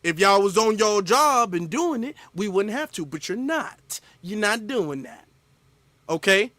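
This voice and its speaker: A man hosting a reaction commentary, animated and mocking. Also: high-pitched, a little slow, dry recording. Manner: animated, mocking impressions of others. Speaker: commentary host.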